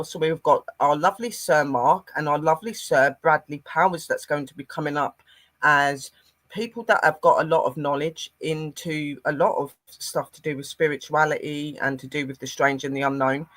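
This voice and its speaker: Unhurried host welcoming viewers to a show. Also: female voice, deep voice, steady tone, a bit bright. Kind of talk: online show hosting.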